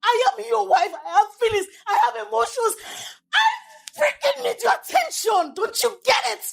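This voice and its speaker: A woman's voice: very high-pitched, lively intonation, moderate pace, vocal fry, heavily acted. An actress with a Nigerian accent playing a young wife who is angry at her husband for neglecting her, heated and accusing. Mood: tearful. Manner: heated, accusing, repeating herself. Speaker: actress in a film. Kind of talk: film drama acting.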